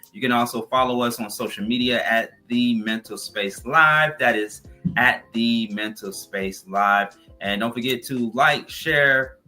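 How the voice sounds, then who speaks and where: A man hosting a talk show, asking questions and running through upbeat shout-outs and sign-off plugs. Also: medium pitch. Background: soft music bed.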